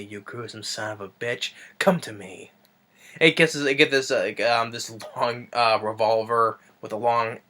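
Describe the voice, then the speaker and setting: A man talks through a film recap in a loose, rambling way, stacking up ums and restarting his sentences. His voice is bright and forceful, sitting at a middling pitch. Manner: rambling, full of fillers and restarts. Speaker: movie reviewer. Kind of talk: casual movie recap.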